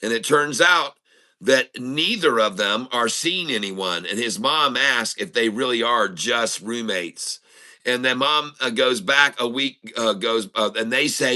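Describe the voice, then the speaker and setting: A man's voice: mid-range voice, unhurried, sharp tone, poor audio. A middle-aged man hosting a casual livestream, telling jokes and chuckling at his own punchlines. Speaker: host of a trading stream.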